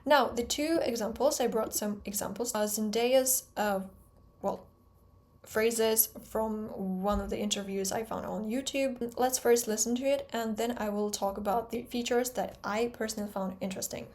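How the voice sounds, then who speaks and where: A woman with a fairly high voice and a Russian accent teaches her own pronunciation method. She talks fast and precisely and stresses the sounds she uses as examples. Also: steady tone, darkish tone. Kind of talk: explanatory talk to camera.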